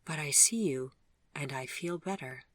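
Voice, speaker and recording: A narrator voicing a lonely, regretful man who drinks, speaking gently and earnestly in an audiobook love story. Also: fairly high pitch, normal speed, dry recording, lightly acted. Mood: gentle, earnest. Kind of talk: audiobook dialogue.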